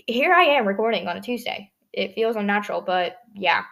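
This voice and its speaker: A teenage girl talks through her solo podcast in a loose, rambling way, leaning on "like" constantly. Her throat sounds a little dry and scratchy, and her voice sits at an ordinary middle pitch. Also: animated, fairly quick, gravelly, fairly bright tone. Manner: chatty, rambling, heavy use of "like". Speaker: podcast host. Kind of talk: casual solo podcast chat.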